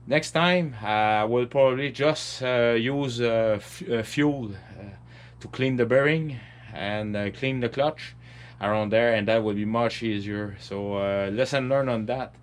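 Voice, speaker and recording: Man, French accent, middle-aged, mid-pitched, casual repair tutorial, halting delivery full of fillers. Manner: halting, with many fillers and restarts. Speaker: vlogger.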